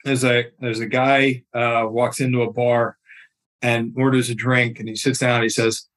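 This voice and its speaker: A man's voice: mid-range voice, little pitch movement, moderate pace, a bit bright. A man speaking as a podcast guest, talking casually with frequent restarts and fillers. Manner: hesitant, many restarts.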